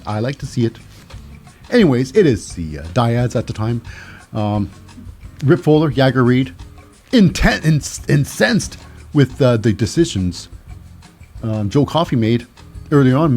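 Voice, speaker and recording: A man's voice: mid-range voice, a little mellow. A man hosting a solo podcast, recapping in a rambling, wry way with many restarts. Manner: rambling, restarts, dry asides. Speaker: podcast host.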